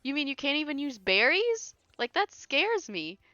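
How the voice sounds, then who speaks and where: A chatty, giggly woman streamer talks through her game. Her voice is bright and a little sharp, very close and dry. The stream audio is slightly dull, with faint music behind her. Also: high voice, sing-song, normal speed, no echo. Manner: chatty, giggly, talks to chat between asides. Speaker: streamer playing a video game. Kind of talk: casual let's-play commentary.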